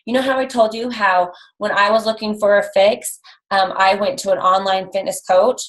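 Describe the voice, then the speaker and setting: A woman's voice: medium pitch, fairly even intonation, moderate pace, rough recording. Young woman, upbeat coach, chatty pep talk, casual filler words, mid-range voice. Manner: chatty, upbeat, lots of likes and ums. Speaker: coach trainer. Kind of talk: motivational call to a sales team.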